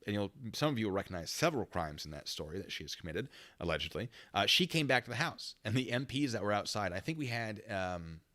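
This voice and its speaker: A man's voice: fairly low pitch, expressive, fast, few pauses, pushed and bright, dry recording. A man, a former military police investigator, telling a story in a casual stream, rambling and correcting himself as he goes.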